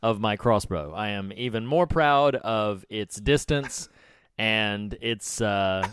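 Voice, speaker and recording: A man's voice: fairly low pitch, takes it slowly, a bit bright, clear, resonant tone, no echo, studio quality. A man co-hosting a podcast in casual chat, laughing often and telling jokes. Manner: laughs often, tells jokes with put-on voices. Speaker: podcast co-host.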